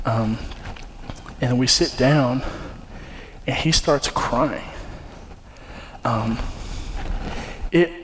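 A man's voice: mid-range voice, extremely slow, long pauses, a bit bright, slight background noise. A young man preaching a sermon, telling a personal story in an earnest, conversational way with frequent fillers and restarts. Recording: long hall reverb, faint ambience.

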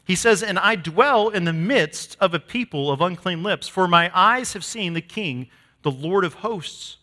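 Male pastor, high bright voice, emphatic sermon delivery, long hall reverb. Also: lively intonation, a little slow. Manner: emphatic preaching, swinging from loud to hushed.

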